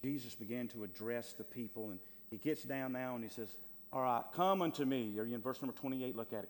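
A male pastor preaching a sermon with fervor, swinging between loud, stretched lines and hushed asides. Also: mid-range voice, brisk. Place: church sanctuary. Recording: long hall reverb, faint hum.

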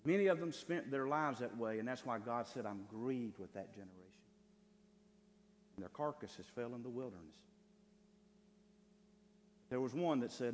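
A male pastor preaching a sermon with fervor, swinging between loud, stretched lines and hushed asides. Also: mid-range voice, animated, moderate pace, long pauses. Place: church sanctuary. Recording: long hall reverb, faint hum.

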